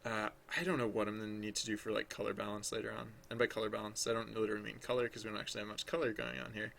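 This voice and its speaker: A man's voice: fairly low pitch, flat delivery, very fast, gravelly, fairly bright tone, a little hiss or hum. A man thinking aloud as he draws on a livestream, rambling and hesitant, full of restarts, chatting with viewers. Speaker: livestreaming digital artist.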